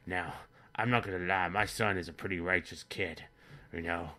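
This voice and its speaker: Low-voiced man spinning a rambling comic tale. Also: brisk, pushed and bright. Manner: rambling, absurd, crude, chuckling. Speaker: comedy show narrator. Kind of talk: rambling comedic storytelling.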